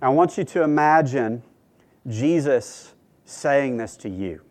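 A man preaching a sermon in a measured, earnest way, with dramatic pauses. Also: medium pitch, lively intonation, a little mellow.

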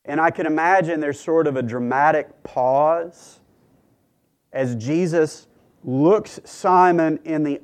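Brief: male preacher, slow and deliberate sermon delivery, a bit higher voice, earnest and measured. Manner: measured, earnest, with dramatic pauses.

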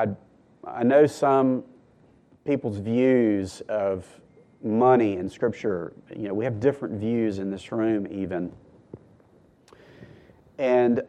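A man delivering a sermon from the pulpit of a church. His voice sits at a middle pitch, and he teaches earnestly, pushing key words hard and then dropping low and quiet to press a point. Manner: earnest teaching with emphatic rises and hushed drops. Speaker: pastor.

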